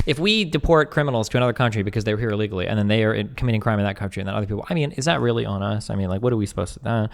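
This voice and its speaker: A young man doing casual live-stream commentary, reading text aloud fast and breaking off to chat, joke and swear. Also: fairly low pitch, gravelly, long reverb tail.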